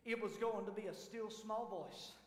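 A man preaching a sermon as lead pastor, dramatic, swinging from shouts down to near whispers. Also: sits high, fairly even intonation, moderate pace. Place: church sanctuary. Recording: echoey church hall with faint piano.

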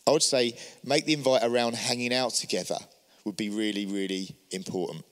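A man's voice: on the low side, fairly even intonation, brisk, long reverb tail. A man giving an encouraging church teaching talk, speaking earnestly and asking many rhetorical questions. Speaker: church leader.

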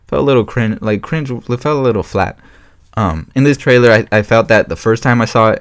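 Guy rambling on his podcast, kinda low voice, super dry close sound, lots of um and like. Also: dry recording. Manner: rambling and excitable, many fillers and restarts. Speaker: podcast host. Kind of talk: casual solo chat.

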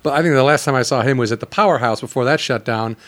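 Throat-clearing man co-hosting a podcast. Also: medium pitch, quick pace, fairly bright tone. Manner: often clears his throat, coughs. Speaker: podcast co-host. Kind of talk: casual chat.

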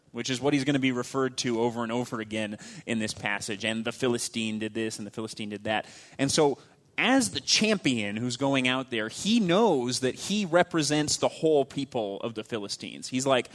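With a mid-range, animated voice at a normal pace, a man leads an informal Bible lesson, reading verses out and talking through them loosely. He uses fillers, and his phrases fade quietly at the ends.

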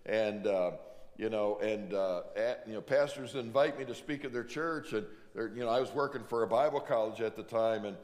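A man's voice: on the low side, moderate pace, a little mellow. A middle-aged male pastor preaching a sermon in a church, telling stories in a conversational way and acting out the voices of the people in them. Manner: conversational storytelling, acts out quoted voices. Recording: long hall reverb.

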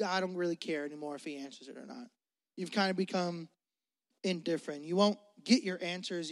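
A male pastor preaching a sermon in an energetic, slangy, joking way. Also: high-pitched. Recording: long hall reverb.

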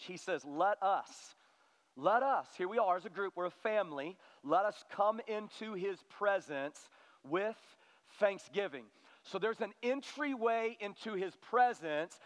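A man's voice: high-pitched, a bit bright. A middle-aged male pastor preaching a sermon in a conversational way, often calling on the congregation to respond. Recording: long hall reverb.

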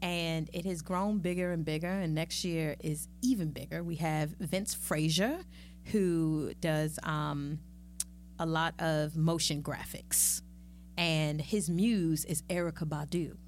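A middle-aged woman talking as a podcast guest in a casual, lively and playful way, with chatty asides. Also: low-pitched, takes it slowly, slight background noise. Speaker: podcast guest, magazine founder. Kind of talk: casual conversational interview.

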